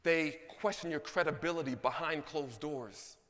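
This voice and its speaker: A man giving an energetic conference keynote, asking the audience questions. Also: fairly high pitch, moderate pace, big-room sound. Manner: animated, asks the audience questions. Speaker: keynote speaker. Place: large conference hall.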